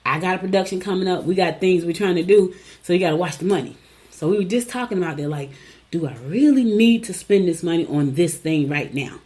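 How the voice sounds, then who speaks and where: Her voice sits on the low side, animated, a little fast and darkish in tone. A middle-aged host, she reads horoscopes chattily, adding folksy asides and giving the same advice again and again.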